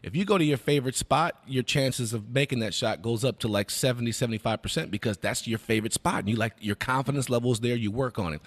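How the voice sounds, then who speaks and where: A man on sports radio breaking down guards' play and telling lively stories from his playing days, acting out what coaches and teammates said. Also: medium pitch, fast, few pauses, in a large hall. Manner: animated storyteller who acts out quotes. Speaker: radio basketball analyst. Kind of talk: sports radio analysis and storytelling.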